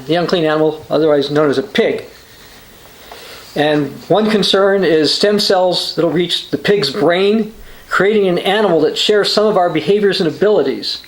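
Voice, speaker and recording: A man's voice: on the high side, roomy sound, poor audio. A man hosting a religious news channel, giving a short sermon as he reads news quotes and scripture aloud, with the odd "uh" and restart.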